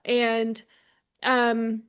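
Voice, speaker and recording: A woman's voice: on the high side, completely flat delivery, extremely slow, clear, resonant tone. A young adult woman from Texas, a congressional candidate, talking in a casual interview with frequent ums and restarts.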